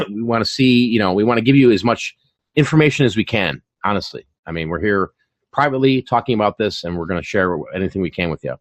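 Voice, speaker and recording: Male host, casual and chatty, animated delivery, dry sound. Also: on the low side, fast, no room sound. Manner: animated, chatty, full of fillers and repeats. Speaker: channel host and online reseller. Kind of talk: casual chat on a live stream.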